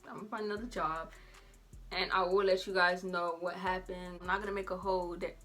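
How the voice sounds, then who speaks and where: A teenage girl from Georgia tells a story straight to camera, chatty and animated, dropping Southern slang. Her voice is bright and clear, and faint music plays underneath. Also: fairly low pitch, a little fast. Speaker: vlogger. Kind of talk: casual storytime.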